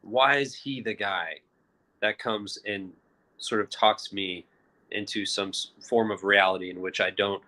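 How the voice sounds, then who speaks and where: A man joins a live interview over his phone as the author guest. He tells his story earnestly and reflectively. His voice is low yet bright and forceful. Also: fairly even intonation, unhurried.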